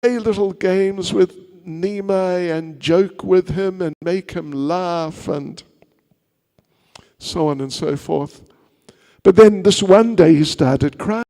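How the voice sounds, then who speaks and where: A man's voice: high voice, slow, dark tone, in a large hall. A man, a monk at a seminar, telling a sermon story in a playful way with chatty asides to the audience.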